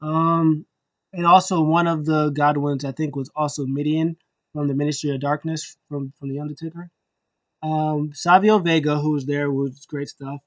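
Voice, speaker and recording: A man giving a casual, rambling show review, breaking into exaggerated high-pitched reaction voices. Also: level tone, normal speed, fairly bright tone, dry recording, dull audio. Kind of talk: casual recap and opinion.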